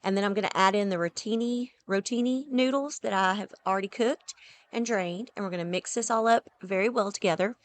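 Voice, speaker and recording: A woman with a medium-pitched voice talks fairly quickly while cooking supper in her home kitchen. As a home cooking vlogger, she keeps the chat relaxed and says "y'all" often.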